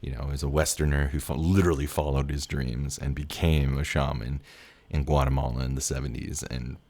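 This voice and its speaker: A man's voice: extremely low pitch, flat delivery, a little fast, darkish tone. A young man casually telling a personal story as a tarot reader, rambling and candid, laughing often and swearing.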